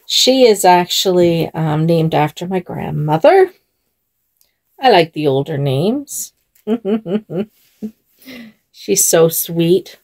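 A woman vlogs casually as she dresses dolls. She speaks at an unhurried pace, with a lively, swooping pitch. She sounds chatty and breaks into giggles often. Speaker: doll channel vlogger.

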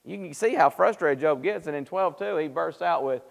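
A man's voice: fairly high pitch, moderate pace, vocal fry, hardly any pauses. A man teaching a Bible class in conversational style, acting out quoted speech. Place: church auditorium. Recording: long hall reverb of church live stream.

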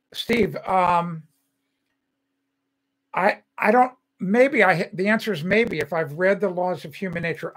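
High-voiced older man ranting. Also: creaky, a bit bright, poor audio. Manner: angry, ranting, repeats phrases, addresses viewers by name. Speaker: host of a home-building show. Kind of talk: livestream rant and reading chat comments.

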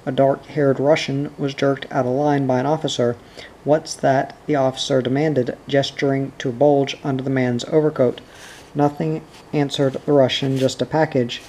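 A man reading a nonfiction book aloud in an even, measured way, speaking the quoted lines quietly within the narration. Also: mid-range voice, slight background noise, low-quality recording. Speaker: audiobook reader.

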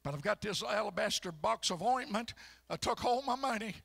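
A preacher acting out an ashamed, repentant woman who pleads and cries out in worship, with loud outbursts. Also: high voice, expressive, normal speed, vocal fry, full character voice. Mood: pleading. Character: repentant weeping woman sinner, ashamed and adoring. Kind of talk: acted sermon illustration.

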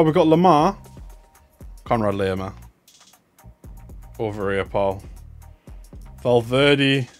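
A young livestreamer with a higher voice opens trading cards, giving excitable, chatty commentary. He swings between loud bursts of hype and muttered asides.

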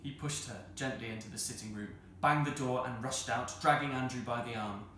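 A man reads a children's novel aloud in an expressive, measured way. His voice is bright. The very roomy hall carries a faint hiss. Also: medium pitch. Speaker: storyteller. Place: arts centre hall.

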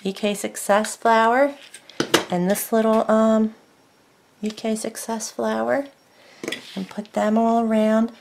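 A woman's voice: a little high, level tone, slow pace, vocal fry, pauses often, background noise. A woman showing her craft work in a casual chat, rambling with many fillers and self-corrections at her desk at home. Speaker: craft vlogger. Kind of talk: casual show-and-tell chat.

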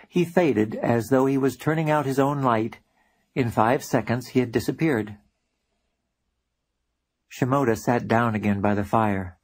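A man reads his own book aloud as a first-person audiobook. His voice sits in a middle pitch and has a husky, breathy edge. The telling is plain and steady. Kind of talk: audiobook narration.

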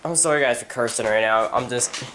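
A man's voice: medium pitch, brisk, a bit bright. A man vlogging in a house, handheld camera, ranting and cursing in frustration. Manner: angry, swearing constantly. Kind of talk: casual vlog rant. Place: inside a house.

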